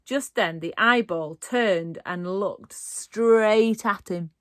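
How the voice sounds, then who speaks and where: A woman's voice: mid-range voice, takes it slowly, dry recording. A woman narrating a children's storybook aloud with a dramatic, playful delivery. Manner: expressive, dramatic read-aloud with playful asides. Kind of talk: storybook reading.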